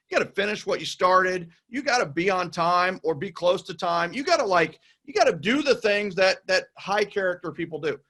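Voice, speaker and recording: High, bright-voiced enthusiastic male host. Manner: enthusiastic, emphatic, repeats phrases. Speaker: podcast host. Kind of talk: casual interview chat.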